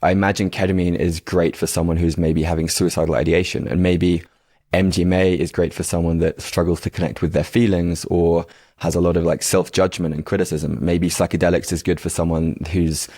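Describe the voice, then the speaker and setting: This is a man hosting a podcast with a very low, deep voice. He asks questions in a searching, hesitant way and leans on fillers. The sound is dry and close, with no room echo. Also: flat delivery, fairly quick, darkish tone. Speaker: podcast host. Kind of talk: reflective interview questions.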